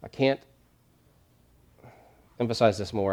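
A man preaching a sermon as a pastor from behind a church podium, emphatic and repeating his key lines, dropping to a hush and then rising loud. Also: mid-range voice, normal speed.

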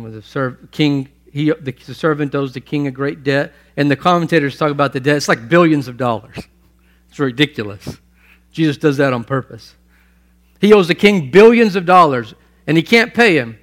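A man preaching a sermon, emphatic, swinging between loud stresses and hushed asides and repeating phrases for weight. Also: on the high side. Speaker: pastor.

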